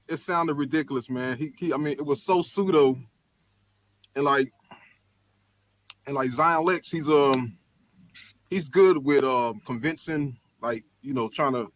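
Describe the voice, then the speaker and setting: A man's voice: a little high, dry recording. A man calling in to a live stream, talking casually and hesitantly with many ums and short laughs. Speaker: caller. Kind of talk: casual call-in conversation.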